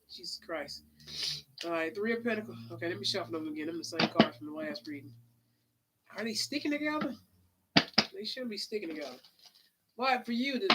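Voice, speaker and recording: A woman with a low-leaning voice does a relaxed live tarot reading over heavy background noise. Drawling and talkative, she addresses listeners as "honey" and "child," with an occasional sniffle.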